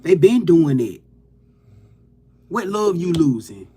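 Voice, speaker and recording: A man's voice: on the high side, sing-song, slow pace, warm tone, husky. A man giving a loose, profane, hyped-up motivational pep talk to his viewers as a livestream host.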